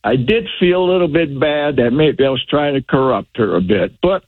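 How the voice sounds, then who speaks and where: A man calling in to a radio show, speaking haltingly with many hesitations. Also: medium pitch, animated. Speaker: caller. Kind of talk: phone call to a radio show. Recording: tinny phone line.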